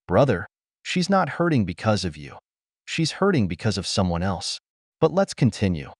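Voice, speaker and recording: A man's voice: on the low side, very animated, moderate pace, no room sound, clean studio sound. A man hosting and narrating a scripted voice-over, preaching directly to male viewers. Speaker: host and narrator.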